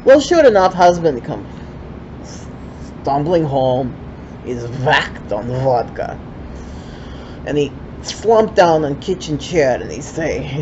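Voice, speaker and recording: Older Ukrainian-accented woman, native Ukrainian speaker, unhurried folksy storyteller in broken English, dull lo-fi recording. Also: sits low, very animated, dark tone, slight background noise. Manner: broken English, chatty asides.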